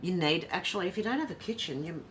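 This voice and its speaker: Animated and fast-talking, an Australian woman with a voice on the low side and a fairly bright tone hosts a casual livestream. She reads viewer comments out loud and replies between them over slight background noise.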